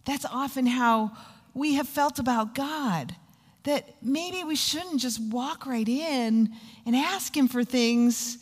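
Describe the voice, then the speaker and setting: A woman preaching a Bible lesson, her voice a touch higher than most. She tells stories, slips into voices for the people she quotes, and slows down on key lines. The sound rings with the long reverb of a large hall. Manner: storytelling, acts out quoted voices, slows down for emphasis. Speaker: Bible teacher. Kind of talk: sermon.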